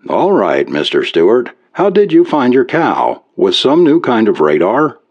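A man's voice: medium pitch, wildly swooping pitch, a little slow, pitched above the performer's own voice, full character voice. A man doing an impatient, curt professor. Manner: curt and condescending. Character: impatient, busy male college professor. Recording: dull lo-fi recording.

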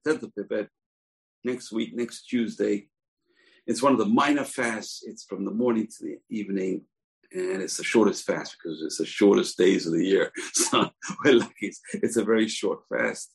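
Guy giving a torah portion class, low gravelly voice, acts out the quotes, lots of uh's. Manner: animated storytelling, acts out quotes, frequent uh fillers. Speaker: Torah teacher.

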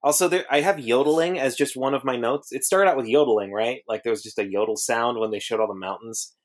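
A man chatting on a podcast in a relaxed way, dropping dry, deadpan jokes between recap notes. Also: medium pitch, fast talker. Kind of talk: casual chat.

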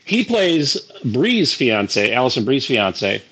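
Man giving a measured movie review. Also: medium pitch, sing-song, a bit bright, husky, poor audio. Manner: measured, hesitant with fillers. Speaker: podcast co-host.

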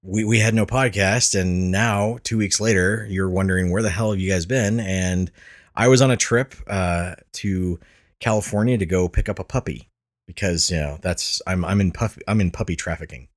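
A man's voice: sits low, moderate pace. A man hosting a casual podcast, laughing often, swearing freely and rambling through restarts. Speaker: podcast host.

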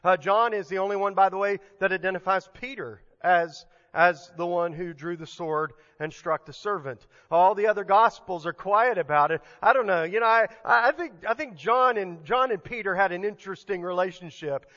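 A man's voice: high-pitched, moderate pace, few pauses, a bit bright, big-room sound, highs cut off. A male pastor preaching a sermon in a conversational, emphatic way, often restarting his sentences.

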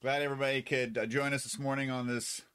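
A man co-hosting a casual livestream chat, talking in halting, rambling bits. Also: medium pitch, flat delivery, sharp tone, clear, resonant tone. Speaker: co-host.

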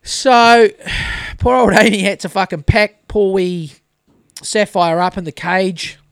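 A man's voice: high voice, steady tone, a little slow, no room sound, studio quality. A man in his thirties with a New Zealand accent, telling a rambling story on a casual podcast and swearing freely. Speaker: podcast host. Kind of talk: casual chat.

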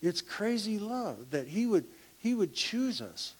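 A middle-aged man shares a personal testimony at church. His voice sits a little high, and he speaks slowly and haltingly. He often drops to a hush. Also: very animated. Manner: slow, halting storytelling with laughs and hushed asides. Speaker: church member sharing a testimony.

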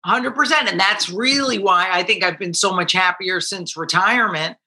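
A retired stand-up comic with a bright, sharp-edged voice. They speak in a relaxed, reflective way, agreeing readily and working through thoughts out loud in casual talk. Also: medium pitch, moderate pace. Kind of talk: casual conversation.

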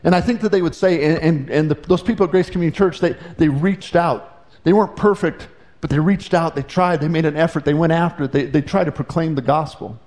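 A man delivers a sermon in an earnest, conversational tone, his voice sitting a little high. He often restarts his phrases as he talks them through. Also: fairly quick, a little mellow. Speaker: pastor.

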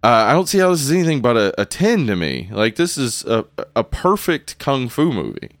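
A young adult man co-hosting a podcast, chatting casually in a relaxed, rambling way with many restarts. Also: medium pitch, brisk, dry recording, clean studio sound. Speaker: podcast co-host. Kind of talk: casual chat.

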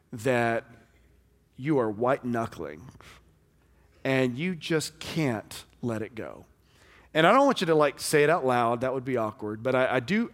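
A man preaching a sermon as pastor, talking in a conversational way that swings between loud and hushed. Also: medium pitch. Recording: long hall reverb.

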